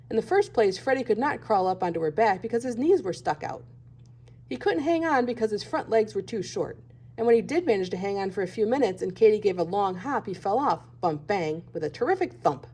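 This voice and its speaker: A woman teacher reading a children's picture book aloud with gentle expression. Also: mid-range voice, animated, fairly quick, breathy edge. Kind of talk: children's storybook read-aloud.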